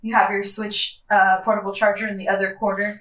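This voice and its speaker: A woman's voice: medium pitch, flat delivery, brisk, a bit bright. A young woman co-hosting a podcast, playful and giggly. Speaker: podcast co-host. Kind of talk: casual chat. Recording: echoey room, distant, faint noise.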